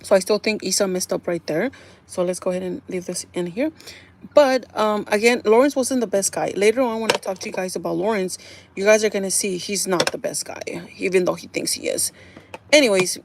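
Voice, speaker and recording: A woman hosts a casual livestream, chatting straight to her viewers as she recaps a show and slips into quick bits of dialogue for the characters. Her mid-range voice carries a steady gravelly fry. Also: mid-range voice, a little hiss or hum. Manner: chatty, addresses viewers as "you guys"; acts out characters' lines in quotes. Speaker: livestream host.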